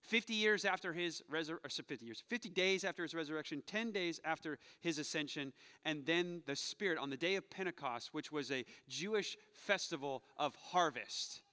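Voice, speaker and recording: A man's voice: a little high, normal speed, hardly any pauses, bright, forceful tone, clean tone, in a large hall. A male pastor preaching a sermon in a church, telling the story with animation and acting out quoted voices. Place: church sanctuary.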